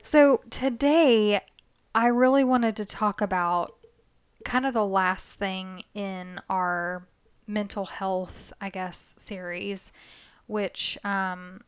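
A woman's voice: mid-range voice, fairly even intonation, slow pace, clean tone. A young woman co-hosting a podcast in casual chat, laughing and teasing. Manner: giggly, teasing. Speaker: podcast co-host.

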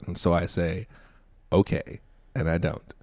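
A man's voice: on the low side, moderate pace, no echo. Laughing man telling a story. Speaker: podcast co-host. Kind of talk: casual chat and storytelling.

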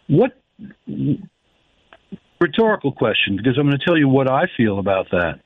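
Male phone-in caller, halting and reflective, dry tinny phone line. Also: medium pitch, animated, no echo. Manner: halting, reflective, slows to stress quoted phrases. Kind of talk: phone-in call.

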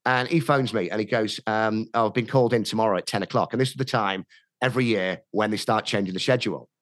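A man's voice: lowish voice, fast, dry recording, studio quality. A middle-aged man, a radio DJ and podcast guest, telling anecdotes and acting out other people's lines with bursts of laughter. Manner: animated, acts out quoted dialogue with laughs. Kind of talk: anecdotal storytelling.

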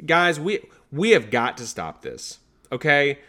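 A man, co-hosting a casual chat about movie trailers with animated, mock-outraged ranting. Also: on the high side, a little slow. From American South. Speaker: podcast co-host.

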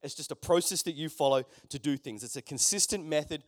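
A man's voice: fairly high pitch, fast, dry recording, studio quality. A man preaching a conversational sermon, with joking asides to the congregation in a church. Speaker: pastor.

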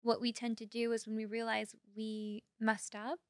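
A young woman co-hosting a casual podcast chat, animated and giggly, filling her talk with "like". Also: a little high, normal speed, no room sound, clean studio sound. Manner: animated, giggly, many "like" fillers. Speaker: podcast co-host.

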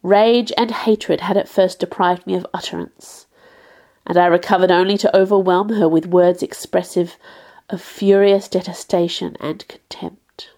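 A woman narrating a classic novel in the first person, in a measured, expressive reading. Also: lowish voice. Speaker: audiobook narrator. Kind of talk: scripted literary narration.

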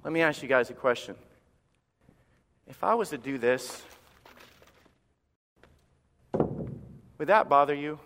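Male pastor mid-sermon, bright and forceful delivery, dramatic pauses, reverberant sanctuary. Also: on the high side, expressive, slight background noise. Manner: impassioned, emphatic preaching with dramatic pauses. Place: church sanctuary. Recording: long reverb of a church hall.

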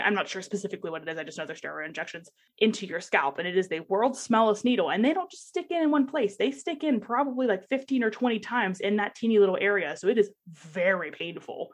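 A young woman casually telling a personal story in a podcast chat, laughing often and acting out the voices of the people she quotes. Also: medium pitch. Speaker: guest sharing personal story.

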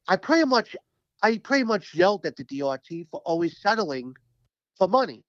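A man speaking as a union representative, telling stories in an animated, emphatic, profane way during a casual interview. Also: high-pitched, moderate pace, dry recording, dull audio.

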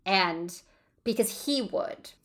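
A woman's voice: mid-range voice, animated, takes it slowly, fairly bright tone. A woman in casual conversation, enthusiastically talking through her ideas about a book, with lots of fillers. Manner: enthusiastic, analytical, many fillers. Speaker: podcast co-host.

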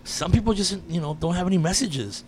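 A man in casual chat, telling a personal story with lively energy and frequent swearing. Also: high voice, fairly quick. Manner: animated storyteller, swears freely.

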